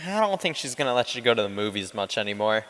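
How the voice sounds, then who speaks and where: A teenage boy acting in a school play as an excitable, scheming younger teen. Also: fairly low pitch, quick pace. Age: teens. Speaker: student actor. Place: school auditorium stage. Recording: echoey hall from a room mic.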